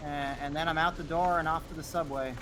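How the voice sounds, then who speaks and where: A young man co-hosting a casual podcast, talking haltingly with many fillers while he plays a game. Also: a little high, fairly even intonation, heavy background noise. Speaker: podcast co-host. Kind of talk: casual chat while gaming.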